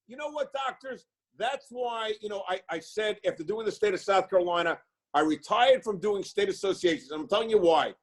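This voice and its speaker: A man in his sixties delivers a fiery motivational talk to fellow chiropractors. His voice sits high for a man, and he drives each point home with repetition and preachy fervor. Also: moderate pace, low-quality recording. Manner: fiery, preachy, repeats words for emphasis. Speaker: chiropractic coach; live show guest speaker. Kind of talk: impassioned motivational speech.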